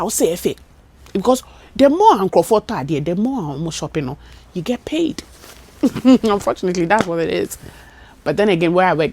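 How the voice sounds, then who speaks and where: A woman's voice: lowish voice, breathy edge. A young woman from Ghana with a Ghanaian English accent, chatting casually as a vlogger, acting out conversations and slipping into Twi phrases. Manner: animated, acts out dialogue, mixes in Twi phrases. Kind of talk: casual storytelling chat.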